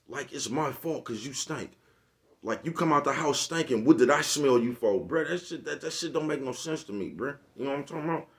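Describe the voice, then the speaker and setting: A medium-pitched, slightly mellow male voice delivers a casual, funny vlog rant to camera. Laughter comes often, the language is slangy street talk with profanity, and he keeps returning to "you know what I'm talking about."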